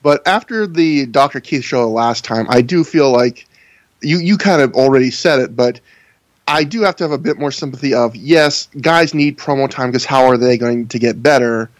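A man's voice: mid-range voice, normal speed, no echo. A man co-hosting a casual podcast chat, wry and sarcastic, laughing often as he talks. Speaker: podcast co-host. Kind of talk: casual chat reviewing wrestling.

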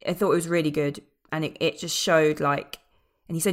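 A woman's voice: low voice, fairly quick. A woman co-hosting a podcast, chatting casually about a film with lots of fillers and the odd swear word. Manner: animated, swearing, many fillers. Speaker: podcast co-host. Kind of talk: casual film review chat.

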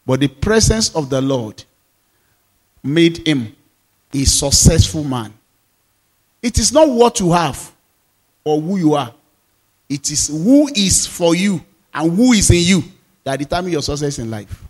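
A man, a pastor, preaching a sermon, repeating phrases and leading the congregation in call-and-response, moving between loud declarations and quiet asides. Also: on the high side, animated, measured pace, pauses often, long reverb tail.

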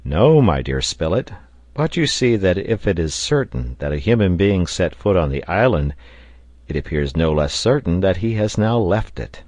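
Man voicing a calm, reasoning engineer. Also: deep voice, no echo. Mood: measured. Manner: measured, explaining.

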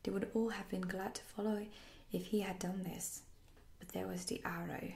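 A woman whispering a fairy tale aloud as a soft-spoken ASMR storyteller. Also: mid-range voice, steady tone, moderate pace, vocal fry. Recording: roomy echo.

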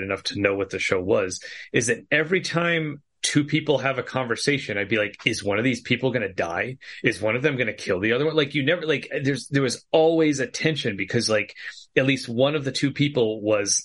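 Husky man in animated casual chat. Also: mid-range voice. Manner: animated, acts out his own reactions in quotes, swears freely. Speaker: podcast co-host discussing a film.

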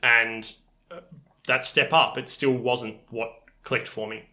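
Bright-voiced man chatting casually. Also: mid-range voice, takes it slowly. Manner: animated, playful, imitates game music. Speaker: podcast co-host. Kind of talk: casual chat.

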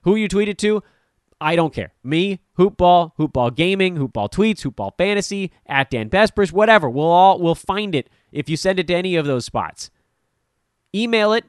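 A man hosting a fantasy basketball podcast, talking casually in an animated, rambling, blunt and jokey way. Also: sits high, normal speed, smooth, no room sound, studio quality. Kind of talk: casual podcast talk with sponsor promo.

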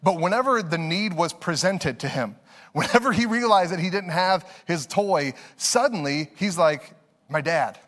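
A man's voice: high voice, lively intonation, normal speed, fairly bright tone. A man in his thirties preaching a conversational sermon, telling stories with laughs and repeated words. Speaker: pastor. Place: church sanctuary. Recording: long hall reverb.

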